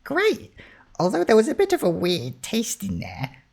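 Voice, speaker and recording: A man voicing an excitable, indignant male creature in a raised, swooping, raspy voice. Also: high-pitched, a little slow, pitched above the performer's own voice, heavily acted. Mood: curious. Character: big-nosed male creature, short-tempered and blustery.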